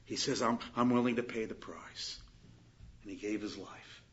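A man preaching a sermon, swinging from loud emphatic declarations to quiet, hushed storytelling. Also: on the low side, steady tone, moderate pace, husky, muffled recording. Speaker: pastor.

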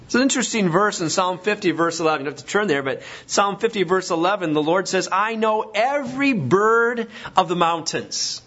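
Emphatic pastor with a husky voice. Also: male voice, high voice, animated, a little fast, few pauses, a bit bright. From Washington state. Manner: emphatic, rising to stress points. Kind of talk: sermon. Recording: dull lo-fi recording.

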